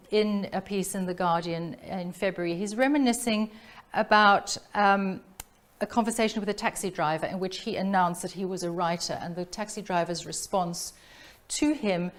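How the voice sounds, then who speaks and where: A middle-aged woman from South Africa giving an academic lecture on literature, measured and reflective, pausing to restart her phrases. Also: mid-range voice. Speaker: literature professor giving a talk.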